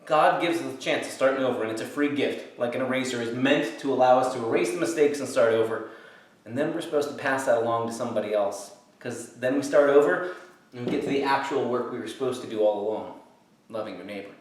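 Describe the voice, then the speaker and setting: A man's voice: mid-range voice, fast. A male pastor giving a children's Sunday school lesson, telling a playful story and acting out both sides. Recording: very echoey room, mic far off.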